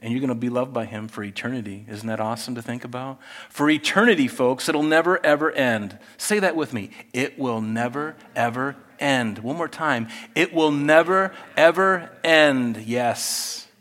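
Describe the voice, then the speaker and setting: A man's voice: medium pitch, moderate pace, fairly bright tone. A middle-aged male pastor preaching a conversational sermon, often asking the congregation questions.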